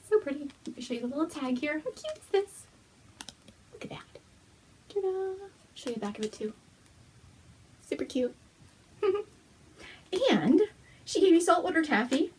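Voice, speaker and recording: Gushing, excitable woman host, lively pitch. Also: moderate pace, long pauses, slight background noise. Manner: gushing, breathless gasps and whispered exclamations. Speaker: host of a knitting and fiber podcast. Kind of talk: excited casual show-and-tell chat.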